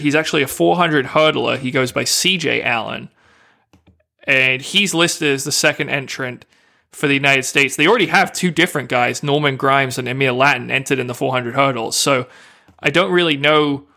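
A man with a bright, sharp voice and a lot of gravelly fry co-hosts a casual podcast chat. His pitch sits a little high, and he lays things out step by step. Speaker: podcast co-host.

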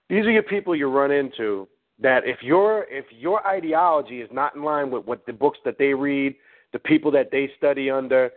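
A man lectures in a blunt, preachy way and swears freely. His voice sits at an ordinary pitch for a man. The sound is thin and tinny, like a phone line. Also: moderate pace. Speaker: host. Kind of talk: profane teaching talk.

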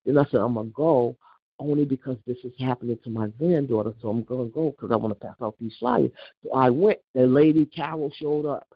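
An older woman on a casual phone call, telling an animated, indignant story and acting out the back-and-forth of what was said. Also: extremely low pitch, brisk, slightly rough, dry recording. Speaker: caller.

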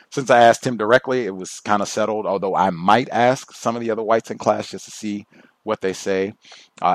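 A man's voice: fairly low pitch, no echo. A man hosting a podcast, telling a personal story in a casual monologue and acting out the other people in it. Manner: conversational, animated when quoting others. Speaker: podcast host.

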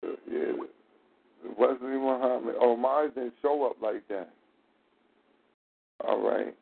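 A man's voice: medium pitch, slow, gravelly. Man telling stories over tinny audio. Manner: loose, profane, laughing storyteller. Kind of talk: casual storytelling chat.

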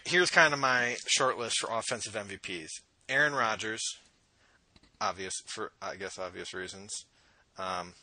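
A man hosting a casual podcast, wry and quick to laugh, running through stats and opinions. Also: fairly low pitch, pushed and bright, no echo. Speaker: podcast host. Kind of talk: casual sports and politics chat. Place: home with dogs.

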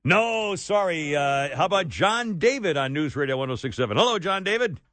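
A man's voice: a little high, lively intonation, normal speed, a bit bright, dry recording. A man hosting a talk radio show, brash and joking, laughing often, speaking on a studio microphone.

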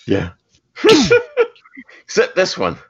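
Deep gravelly man with a lively voice. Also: slow pace. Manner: laughs often between lines. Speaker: podcast co-host. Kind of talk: casual chat reading news. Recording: dull lo-fi sound.

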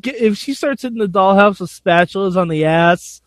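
A man co-hosting a wrestling podcast, excitable and goofy, laughing often. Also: sits high, normal speed, dry recording. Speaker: podcast co-host. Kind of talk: casual podcast chat.

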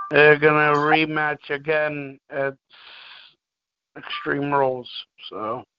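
A man co-hosting a wrestling podcast, giving hesitant, short answers. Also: fairly high pitch. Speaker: podcast co-host. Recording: dull lo-fi sound with faint noise.

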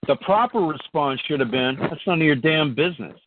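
A man's voice: on the high side, animated, a little fast. A man hosting a community call, who stammers into interruptions and poses challenging questions. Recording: phone-line call with faint noise.

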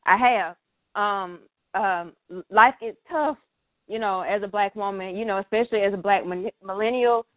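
A woman turning thirty, speaking emotionally and haltingly with many fillers, close to tears. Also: mid-range voice, no echo, narrow, tinny audio. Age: 20s. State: tearful, emotional. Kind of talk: emotional personal talk.

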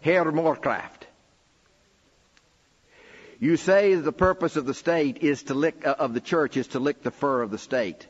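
A man voicing a blunt male Afrikaner farmer with an Afrikaans accent, asking a slow, pointed question in a dull, echoing recording. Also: fairly high pitch, voice pushed up. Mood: probing. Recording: dull recording, long reverb.

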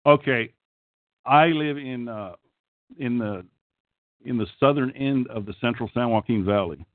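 A man's voice: medium pitch, unhurried, no echo. A middle-aged man with an Okie accent hosting a casual call-in chat, crude, profane and rambling. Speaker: call-in show host. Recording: tinny phone-like call line.

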